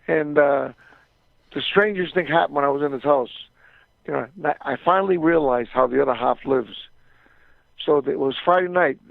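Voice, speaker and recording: The voice is male, fairly high and creaky, with no room sound, coming through a dry, tinny phone call. He's an older former boxer on as a guest, rambling through a long tale, repeating words and acting out the people he quotes.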